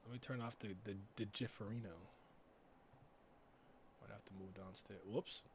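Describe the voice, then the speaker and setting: A man giving a casual reaction commentary as a streamer, laughing and swearing with loud frustrated outbursts. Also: fairly low pitch, fairly even intonation, moderate pace, a little hiss or hum. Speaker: streamer reacting to an anime episode.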